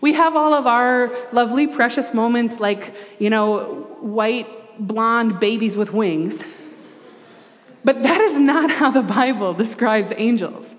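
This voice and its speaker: A fairly high-voiced woman preaching in a loose, conversational manner, with playful asides and animated quotes. Her voice rings out with the long reverb of a large hall. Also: unhurried. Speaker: pastor. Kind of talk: sermon.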